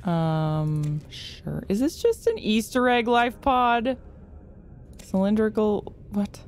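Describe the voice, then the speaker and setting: A woman's voice: medium pitch, sing-song, slow pace, slight background noise. A young woman commenting nervously on a game as she plays, talking to creatures and swinging between shrieks and whispers. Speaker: gamer.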